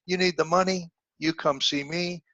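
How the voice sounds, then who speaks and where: A man's voice: high voice, steady tone, moderate pace, pushed and bright, no room sound, highs cut off, voice pushed up. A man voicing a wise old New York businessman mentor, blunt and fatherly in his advice.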